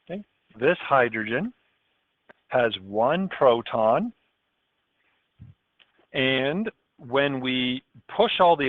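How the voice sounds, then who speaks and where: This male chemistry teacher from Canada has a medium-pitched voice and walks through a recorded lesson step by step, frequently asking "okay?". There's no echo, and the sound is dry and tinny like phone audio.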